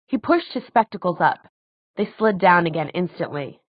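A woman narrating an audiobook in a measured, even storytelling manner. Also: fairly low pitch, slightly rough, no room sound, highs cut off.

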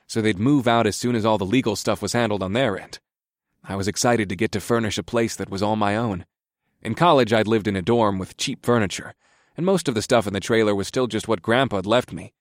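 Male narrator, relaxed storytelling, low voice, dry studio sound. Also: brisk, no echo. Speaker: audiobook narrator. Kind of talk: scripted first-person narration.

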